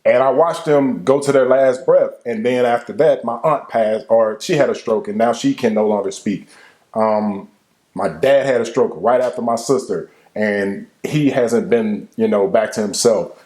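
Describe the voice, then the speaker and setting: A young adult man telling the story of his relationship in casual speech, emotional and halting, with frequent restarts. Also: mid-range voice, a little mellow, roomy sound. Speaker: co-host telling a couple's story.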